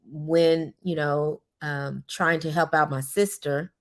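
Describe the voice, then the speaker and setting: A middle-aged woman hosting a podcast, speaking slowly and reflectively with many pauses, and at times tearful. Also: deep voice, fairly even intonation. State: tearful at moments. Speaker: podcast host. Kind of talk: personal monologue.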